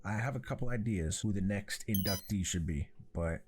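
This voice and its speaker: A man hosting an anime reaction, casual slangy commentary that is animated and profane and full of laughs. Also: lowish voice, normal speed.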